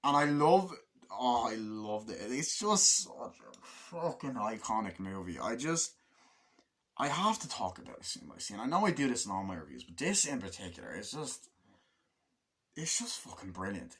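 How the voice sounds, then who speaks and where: A man reviewing a film in a casual vlog, rambling and excitable, swearing freely and acting out scenes in quick little voices. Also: lowish voice. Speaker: movie reviewer.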